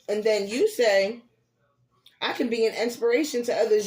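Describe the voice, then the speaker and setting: An older woman, giving a casual, animated tarot reading and cheering her listeners on. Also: fairly high pitch, normal speed. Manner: animated, preachy encouragement with laughs and slang. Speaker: tarot reader.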